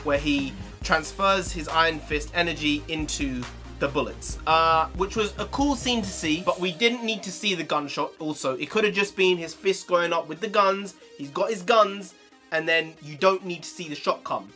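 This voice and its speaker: A man, ranting heatedly in a review vlog, swearing, his pitch swinging up and down. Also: normal speed, sharp tone, soft background music. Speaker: video reviewer.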